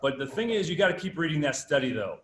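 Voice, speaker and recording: A man with a fairly high voice delivers an emphatic fitness workshop lecture. He keeps putting rhetorical questions to the room and answering them himself. The sound comes from an echoey event space. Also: very animated, fast. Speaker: presenter at a fitness summit. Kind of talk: live workshop lecture with demonstration.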